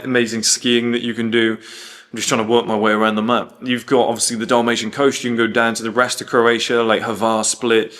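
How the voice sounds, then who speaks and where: With a mid-range, fairly bright voice, the British host delivers a casual monologue. Blunt and profane, he spins stories heavy with quoted dialogue.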